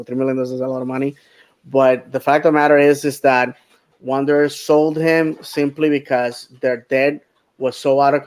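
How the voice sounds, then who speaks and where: A man's voice: mid-range voice, clear, resonant tone. A middle-aged man co-hosting a sports talk show, rambling casually with many fillers and restarts. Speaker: podcast co-host.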